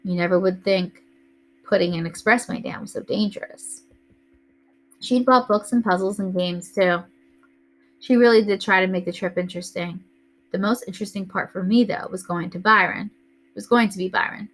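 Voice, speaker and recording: A woman teacher reading a first-person novel aloud to a class in a steady storytelling way. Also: mid-range voice, normal speed.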